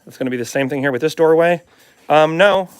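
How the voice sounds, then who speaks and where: A man's voice: on the high side, fast talker, smooth, no echo. A man talking as a dog trainer in a casual live demonstration, chatting to his viewers and coaxing a dog along. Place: at home with a dog, partly in the yard.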